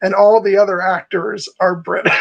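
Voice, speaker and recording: High gravelly male podcast co-host. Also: huge pitch swings, measured pace, fairly bright tone, poor audio. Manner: rambling, laughs often. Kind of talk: casual film discussion.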